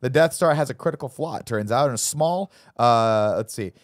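A man hosting a casual podcast, recapping a film quickly and dropping into jokey mock voices for the characters. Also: medium pitch, no echo, clean studio sound. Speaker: podcast host. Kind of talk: casual movie recap chat.

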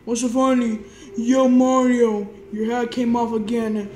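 High-voiced woman stammering through toy play. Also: a little slow, echoey room, a little hiss or hum, low-quality recording. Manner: stammering, repeats words, switches between excited squeals and soft sleepy tones.

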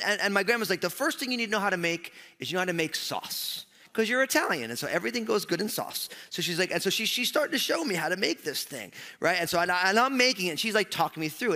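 Animated New pastor in a big hall. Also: male voice, a little high. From New Jersey, USA. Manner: animated, joking, lots of fillers. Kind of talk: storytelling sermon. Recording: long hall reverb.

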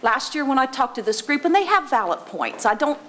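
A woman's voice: sits high, sing-song, fairly quick, a bit bright. A woman state senator speaking in committee debate, folksy and conversational.

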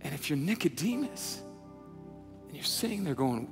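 Man, young adult, pastor's sermon, conversational, slightly high voice, big hall reverb, faint music underneath. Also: big pitch swings, moderate pace. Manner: conversational, acts out quotes, builds to impassioned near-shouting. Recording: long hall reverb, soft music behind.

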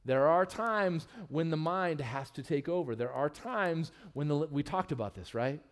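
Male pastor, sermon, fairly high voice, candid, humorous, church sanctuary. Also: moderate pace. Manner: candid and humorous, with lively swings in pitch and loudness.

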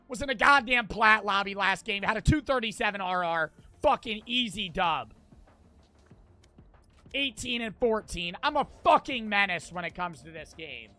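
A man's voice: high voice, sharp tone. A man live-streaming a game, chatting with his viewers in a profane, ranting way. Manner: profane, ranting, talks to chat. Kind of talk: casual gaming stream chat.

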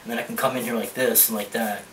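A man's voice: medium pitch, fairly even intonation, fast talker, a bit bright. A man talks through a charcoal drawing demo as he works. He thinks aloud and rambles, often restarting his sentences. He sits back from the microphone in a roomy space, with a faint hiss under his voice. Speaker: art teacher. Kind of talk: drawing demonstration. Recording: roomy echo, mic at a distance, faint hiss.

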